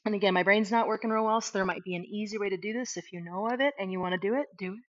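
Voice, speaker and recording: A woman's voice: mid-range voice, very fast. Woman guiding yoga with dull sound. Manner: casual, self-deprecating, talks while moving. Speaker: yoga teacher. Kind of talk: guided yoga instruction.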